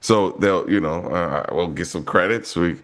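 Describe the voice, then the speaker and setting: A man's voice: low-pitched, measured pace, fairly bright tone. A man co-hosting a casual movie podcast, telling a story in a loose, rambling way with many restarts. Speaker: podcast co-host.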